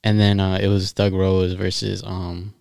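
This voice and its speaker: A man's voice: sits low, monotone, unhurried, vocal fry, a little mellow, smooth, no room sound, clean studio sound. A man telling stories and talking fights in a casual chat with friends, swearing often and breaking into laughs. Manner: laughing storyteller, swears a lot.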